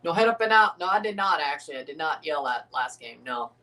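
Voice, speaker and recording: A man hosting a live watchalong of a football match, excitable and opinionated, often exclaiming and laughing at the action. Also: on the high side, fast, distant mic. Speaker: livestream host reacting to a match.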